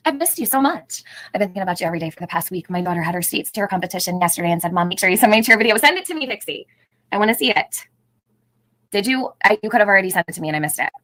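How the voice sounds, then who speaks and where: A woman's voice: lowish voice, a bit bright, no room sound, low-quality recording. A middle-aged woman hosting a casual livestream, chatting, greeting viewers by name and laughing often. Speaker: livestream host.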